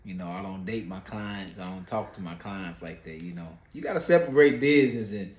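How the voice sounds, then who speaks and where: A man's voice: low-pitched, a little fast, reverberant, a little hiss or hum. A man joking in casual chat, with playful, preachy asides. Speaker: co-host, her husband.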